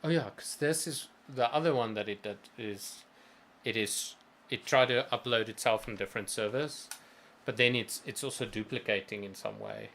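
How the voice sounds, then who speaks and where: Rambling, thoughtful man with a low voice. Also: normal speed, creaky, fairly bright tone, a little hiss or hum. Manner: thoughtful, rambling, many restarts. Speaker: co-host of a gaming stream. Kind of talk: casual chat.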